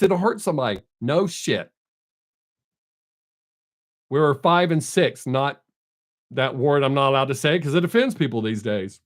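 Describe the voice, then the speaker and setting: Dude live streaming, kinda high pitched, blunt no-filter talk, just chatting with chat. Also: male voice. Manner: blunt, unfiltered, reads out viewer names.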